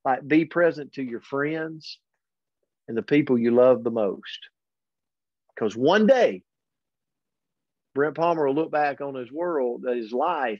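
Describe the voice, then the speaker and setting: A man hosting a daily motivational pep talk, earnest and energetic, speaking directly to his audience. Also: medium pitch, slow, long pauses, no room sound. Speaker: host and motivational coach. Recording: dull, lo-fi dry recording.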